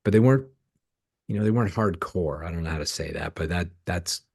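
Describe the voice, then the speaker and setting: A middle-aged man from Canada with a very low, deep voice tells ministry stories as a podcast guest. He is earnest and heartfelt, and he acts out the lines of the people in his stories. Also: fairly quick, gravelly, darkish tone, breathy edge. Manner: earnest, emotional storyteller acting out dialogue. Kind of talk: storytelling in a podcast interview.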